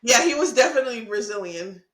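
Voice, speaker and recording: Young woman, podcast co-host, casual storytelling, higher voice, laughs a lot, echoey room. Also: fast. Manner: animated, laughing, swearing, acts out quotes.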